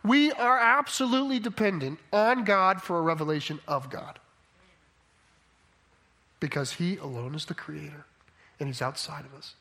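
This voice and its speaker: A man with a notably high voice delivers a sermon in a relaxed, conversational way. He keeps checking in with his listeners as he explains his point. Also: moderate pace, long pauses. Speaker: preacher.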